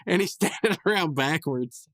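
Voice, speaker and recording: A man's voice: a little high, expressive, normal speed, fairly bright tone, no room sound, studio quality. A man hosting a casual podcast, rambling through a cartoon episode recap with frequent chuckles and fillers.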